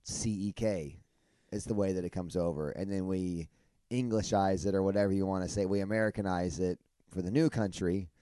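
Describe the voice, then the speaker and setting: A man's voice: sits low, fairly even intonation, a little fast, mellow, dry recording. A man co-hosting a podcast in casual chat, often stopping and restarting his sentences. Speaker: podcast co-host.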